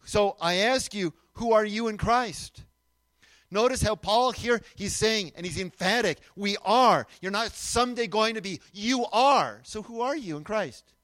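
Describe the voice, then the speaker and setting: A man preaching a sermon, emphatic, moving between loud declarations and quiet asides and asking the audience to answer back. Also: sits high, normal speed, no room sound. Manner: asks the audience questions and has them repeat after him.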